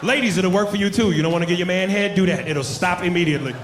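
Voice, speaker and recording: Guy doing stand-up in a club, high voice, shouts punchlines, big roomy sound w/ crowd noise. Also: fast. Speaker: stand-up comedian. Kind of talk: live stand-up routine. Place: comedy club stage. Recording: roomy live venue with audience noise. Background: audience laughter.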